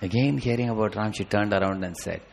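A middle-aged man telling a devotional story in an animated way, often adding a questioning "huh?". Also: lowish voice, quick pace, creaky, breathy edge.

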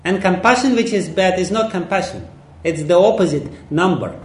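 Man lecturing on scripture, emphatic, laughs a lot, slightly high voice. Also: normal speed. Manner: emphatic, laughs often, frequent fillers. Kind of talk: sermon. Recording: echoey room.

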